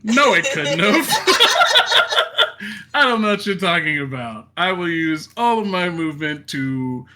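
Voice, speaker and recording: A man playing a tabletop game, excitable and laughing, swearing freely as he talks. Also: high-pitched, slow pace, background noise. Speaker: player.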